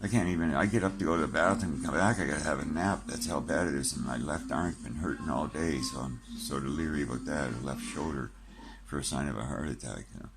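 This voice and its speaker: A man's voice: a bass voice, fast. An older man, short of breath, talking casually to camera and joking wryly about dying. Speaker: vlogger.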